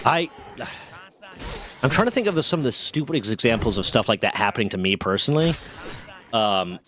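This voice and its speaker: A man co-hosting a gaming stream, telling candid, profane stories in casual chat with lively swings in his delivery. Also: medium pitch, fairly quick. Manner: candid, profane, animated storyteller.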